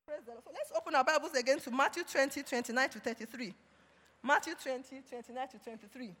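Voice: high-pitched, fast talker, bright, forceful tone. A preacher giving a sermon, reading scripture aloud and breaking in again and again with calls of praise. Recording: long reverb of a large hall.

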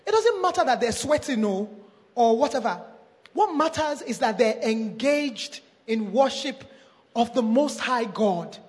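A woman's voice: fairly high pitch, lively intonation, a little mellow. Woman preaching a sermon in a reverberant hall. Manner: reads scripture aloud with stumbles, then slows down to stress key points. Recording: long reverb of a large hall.

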